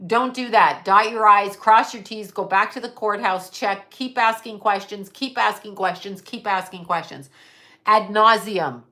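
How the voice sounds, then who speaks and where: A middle-aged woman hosting a casual livestream speaks unhurriedly in a sharp-toned, mid-range voice. She vents bluntly with swearing and reads viewer comments aloud.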